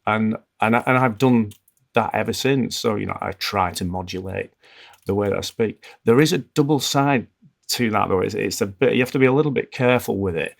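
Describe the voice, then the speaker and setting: A man speaking as a podcast guest, telling stories in a calm, smooth, measured way with frequent restarts. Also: lowish voice. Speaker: podcast guest, former hostage negotiator. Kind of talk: conversational interview storytelling.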